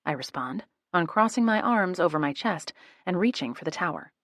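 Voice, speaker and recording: A woman narrates a first-person romance audiobook with an expressive, wry delivery. Her voice sits somewhat low. The recording is close and dry with no room sound. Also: normal speed, no echo.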